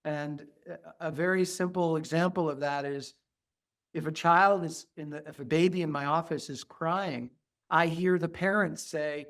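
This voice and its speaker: A middle-aged man, a pediatrician guest, talking earnestly in an interview and softly acting out how he soothes children. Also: fairly high pitch, moderate pace. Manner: earnest, acts out soft soothing asides to children. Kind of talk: conversational interview.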